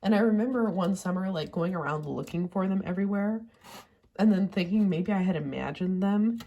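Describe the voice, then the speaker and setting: A woman talking casually and rambling about her toy collection with many fillers, sounding a little sick and pausing to cough. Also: mid-range voice, warm tone, highs cut off. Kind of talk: casual chat.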